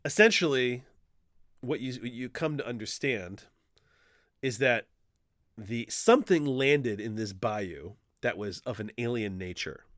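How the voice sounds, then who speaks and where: A man's voice: mid-range voice, a bit bright, no room sound, clean studio sound. A man co-hosting a podcast in casual chat, animatedly retelling a comic plot, swearing freely and acting out quotes. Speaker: podcast co-host.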